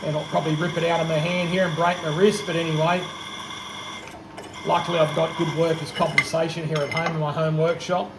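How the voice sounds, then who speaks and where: A man's voice: on the high side, flat delivery, brisk. A man with an Australian accent, casually narrating his work in a home workshop with self-deprecating jokes. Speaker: home machinist. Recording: echoey workshop with loud machine noise.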